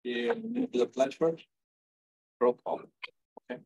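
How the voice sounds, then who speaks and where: A man chairs a city commission meeting in a meeting room. His voice is slightly husky and sits at a middle pitch. He talks hesitantly, with many fillers and restarts. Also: animated, slow, darkish tone, muffled recording.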